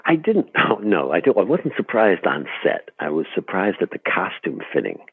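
A man's voice: low-pitched, wildly swooping pitch, normal speed, husky, dry recording, phone-quality sound. A man guest telling anecdotes about his acting work in an interview, laughing often and poking fun at himself. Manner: laughing, storytelling, self-deprecating. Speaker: actor guest.

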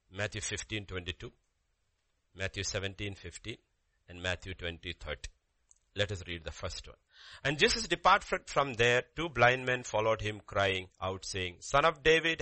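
A man preaching a sermon, animated, with sudden jumps up in pitch and drops into quiet, intense passages. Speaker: pastor.

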